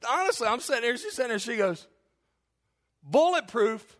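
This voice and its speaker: Male pastor, high bright voice, comic sermon storytelling, chuckles at his own jokes. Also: moderate pace. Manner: laughs often at his own stories, animated.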